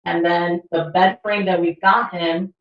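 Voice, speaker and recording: A chatty woman in her thirties with a fairly low voice, co-hosting a casual podcast. She swears freely and laughs easily. The sound is roomy and she sits back from the mic. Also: level tone, measured pace, recorded from a distance, dull audio. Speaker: podcast co-host. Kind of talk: casual chat.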